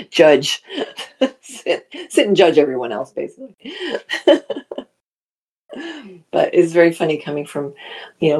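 A woman's voice: sits low, creaky, warm tone, husky. A middle-aged woman hosting a casual live chat, reading viewer comments aloud and laughing often.

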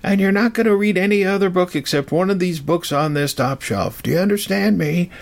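A man voicing an angry male school disciplinarian who yells and bullies, his voice pushed high and loud. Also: expressive, normal speed, gravelly, breathy edge, full character voice. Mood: furious yelling. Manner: yelling, bullying.

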